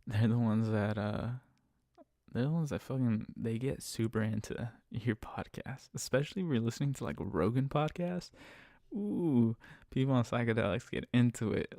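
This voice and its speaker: A young man with a gravelly, dark voice rants bluntly about his rideshare passengers, full of swearing. The sound is close and dry, with no room around it. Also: mid-range voice, moderate pace, no echo. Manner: profane, blunt, ranting. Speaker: rideshare driver. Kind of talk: casual podcast monologue.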